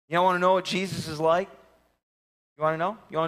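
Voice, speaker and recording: A pastor in his thirties tells a story from the pulpit, his bright, forceful voice sitting a little high for a man. He swings between loud, ringing calls and hushed near-whispers. The sound carries a long reverb from a large hall. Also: level tone, fast talker, long pauses. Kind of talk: sermon with storytelling.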